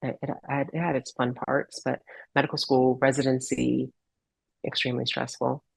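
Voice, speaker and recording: A woman's voice: extremely low pitch, little pitch movement, normal speed, creaky, slightly rough, dry recording, low-quality recording. A woman guest on a podcast, telling a heartfelt personal story in an earnest, reflective way and sometimes searching for her words. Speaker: podcast guest, holistic healer.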